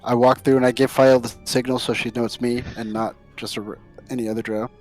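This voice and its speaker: A man's voice: mid-range voice, flat delivery, quick pace, soft background music. A man playing in a tabletop game, talking casually and playfully. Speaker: player. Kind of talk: tabletop role-play chat.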